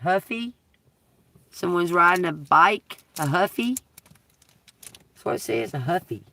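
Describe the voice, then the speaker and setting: A man live-streaming a psychic reading from inside a car, talking slowly, spelling out letters and swearing casually. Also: high-pitched, expressive, vocal fry, bright, forceful tone, far from the mic.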